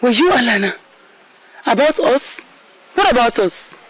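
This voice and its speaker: Sweet nigerian princess, high voice, reassuring. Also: female voice, lively intonation, unhurried. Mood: gentle. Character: young royal princess, kind and protective. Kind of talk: film drama acting.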